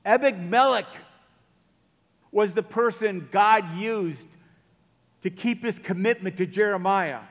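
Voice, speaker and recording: A man's voice: sits high, slow pace, pauses often. A man preaching a sermon, telling stories and changing his pace for emphasis. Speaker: pastor. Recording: long hall reverb.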